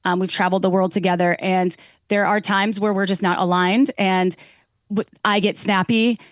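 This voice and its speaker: A woman's voice: medium pitch, fairly even intonation, moderate pace, dry recording. Earnest woman talking over a dry mic. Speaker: guest, sex educator. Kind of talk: casual chat.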